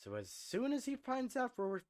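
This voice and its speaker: A man's voice: very high-pitched, huge pitch swings, normal speed, a little mellow, voice pushed up, heavily acted. A man voicing a polite, earnest young defense lawyer in a game reading. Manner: polite, earnest, laughs easily.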